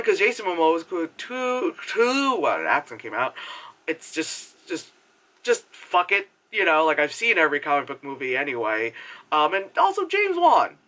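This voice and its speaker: A vlogger rambles through a movie review to the camera, with a bright, clear edge on every word. The pitch leaps up and down as the talk runs on, full of swearing, fillers and sudden tangents. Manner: animated, swears often, mimics other people; heavy filler words, goes off on tangents. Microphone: camera mic.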